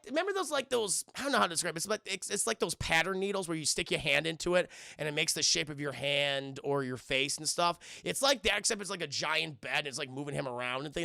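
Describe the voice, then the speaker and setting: Gravelly, bright-voiced male streamer. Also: fairly high pitch, no room sound, clean studio sound. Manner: rambling, profane, addresses chat. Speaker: film reviewer and streamer. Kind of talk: casual livestream film review.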